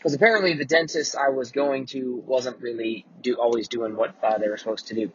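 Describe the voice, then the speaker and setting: A man's voice: medium pitch, fairly even intonation, brisk, a bit bright, highs cut off, slight background noise. A man in his forties hosting a casual mentoring talk, telling a personal story in a candid, profane way. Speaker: host.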